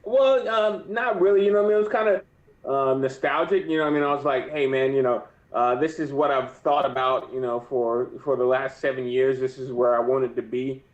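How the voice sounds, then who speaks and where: A man's voice: medium pitch, a little fast. Young male fighter guest, rambling and casual; dull, roomy remote audio. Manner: rambling, many fillers and "you know what I mean". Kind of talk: casual interview. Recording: muffled echoey remote audio.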